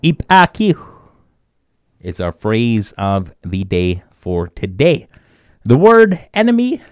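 Chuckling male radio host, lively pitch. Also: no room sound, studio quality. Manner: chuckles often, slow deliberate word repetition. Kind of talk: community radio language segment.

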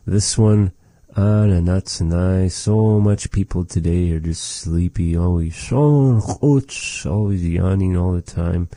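Man, very low dark voice, unhurried patient teacher repeating words, dry close mic. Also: fairly even intonation, dry recording. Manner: slow, patient, repeats each word, folksy asides. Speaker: language teacher. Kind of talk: slow vocabulary lesson with repeated words.

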